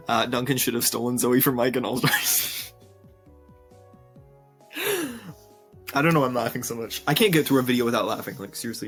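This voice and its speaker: A man's voice: mid-range voice, a bit bright. A young man chatting casually with many ums and likes, giggling often while reacting to viewer opinions on a cartoon series. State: tired. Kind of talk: casual commentary.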